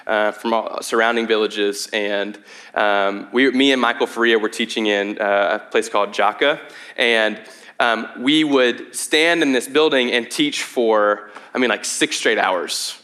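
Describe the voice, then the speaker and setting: Bright-voiced man preaching conversationally. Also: lowish voice, measured pace. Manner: conversational, stumbling restarts and fillers; hushed prayer, rising to animated storytelling. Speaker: pastor. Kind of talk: sermon.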